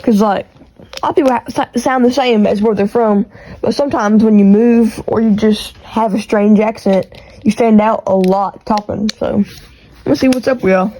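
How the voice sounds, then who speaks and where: A woman with a thick Texas country accent hosting her own podcast from her bedroom, talking quickly and rambling with restarts, recorded on earbuds and a phone. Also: medium pitch, steady tone, warm tone, rough recording. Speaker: podcast host. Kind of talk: casual solo podcast chat. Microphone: AirPods with iPhone recording.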